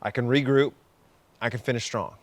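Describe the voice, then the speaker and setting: A man's voice: mid-range voice, steady tone, moderate pace, no echo. A man who hosts a cycling channel, talking in earnest, reflective short phrases about a hard ride. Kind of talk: confessional vlog narration.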